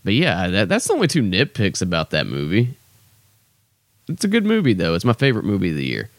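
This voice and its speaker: Young guy podcasting solo, low-ish voice that bounces all over, dry close mic, rambly and self-mocking. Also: huge pitch swings, brisk, no echo. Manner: rambling, self-deprecating, full of fillers. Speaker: podcast host. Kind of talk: casual solo podcast chat.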